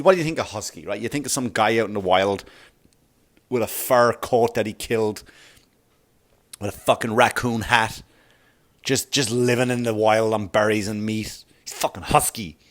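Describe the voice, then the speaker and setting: A middle-aged man hosting a comedy podcast, riffing in a rambling, profane monologue and laughing at his own jokes. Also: medium pitch.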